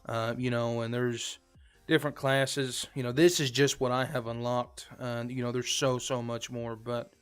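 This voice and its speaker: A man's voice: mid-range voice, flat delivery, moderate pace, clear, resonant tone. A man streaming a game live, chatting casually to viewers in a rambling, filler-heavy way. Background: faint background music.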